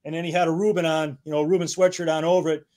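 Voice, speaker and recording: Speaking very fast in a slightly high, flat and somewhat mellow voice, a podcast guest in his fifties recalls his years as a battalion chief. His stories wander, come with laughter, and include casual cursing.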